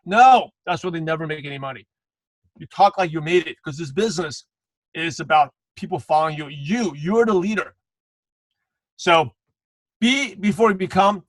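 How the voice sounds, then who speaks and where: High-voiced man coaching a sales team. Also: normal speed, dry recording, low-quality recording. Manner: animated coaching, addresses viewers by name, punchy repeated slogans. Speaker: guest trainer. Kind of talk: motivational sales training on a live video call.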